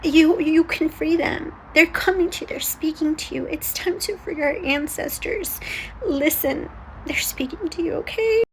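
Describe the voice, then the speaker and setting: A woman sharing a personal spiritual vlog, earnest and emotional, halting with many restarts. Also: high-pitched, a little hiss or hum, poor audio. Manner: earnest, pleading. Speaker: spiritual content creator.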